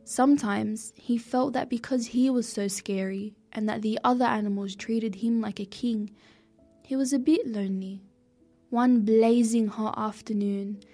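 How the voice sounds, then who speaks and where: Woman storyteller, higher voice, gentle read-aloud pacing, soft music behind. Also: fairly even intonation, normal speed. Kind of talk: storybook narration for children. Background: faint music.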